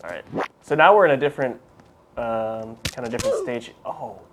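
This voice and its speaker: Man, co-host, excitable, playing and talking, faint hiss. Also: medium pitch, brisk. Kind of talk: casual gameplay chat. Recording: faint background noise.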